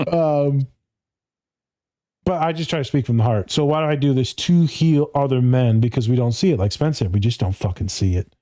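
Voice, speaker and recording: His voice is mid-range and dark, moving at normal speed, as this thirty-something therapist talks casually on a podcast. He swears freely, speaks bluntly, laughs often, and slips into voices to quote others.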